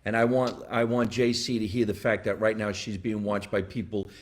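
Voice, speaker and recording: A man's voice: lowish voice, little pitch movement, brisk. A man hosting a comedy podcast live, chatting casually, joking, laughing a lot and swearing freely. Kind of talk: casual live-stream chat. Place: basement studio.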